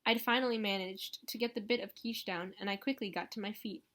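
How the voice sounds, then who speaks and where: A woman narrating a novel in the first person with steady, even reading. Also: mid-range voice, a little fast. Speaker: audiobook reader.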